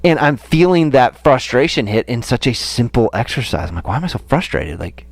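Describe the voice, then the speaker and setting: Golf coach guy on a podcast, mid-pitch voice, gets worked up telling his story, dry close sound. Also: fast, vocal fry, hardly any pauses, no room sound. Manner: animated storytelling, acting out his own frustration. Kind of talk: casual podcast chat.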